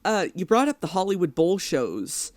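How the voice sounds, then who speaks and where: A man's voice: sits high, big pitch swings, moderate pace, a little mellow, no echo. A young man hosting a podcast interview, asking questions hesitantly with lots of fillers. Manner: hesitant, many fillers, laughs easily. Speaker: podcast host. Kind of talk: conversational interview.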